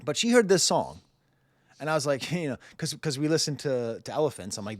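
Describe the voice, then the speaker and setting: A man's voice: fairly high pitch, lively intonation, fairly quick, dry recording. A man in his forties reviewing a rap album in blunt, sarcastic casual commentary, laughing often. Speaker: music reviewer.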